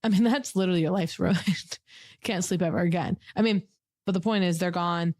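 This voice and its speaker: A woman co-hosting a podcast, telling a story with lively acted-out quotes and frequent laughter. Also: on the low side, fairly quick, dry recording, studio quality. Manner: animated, acts out quotes, laughs often. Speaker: podcast co-host. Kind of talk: comedic storytelling chat.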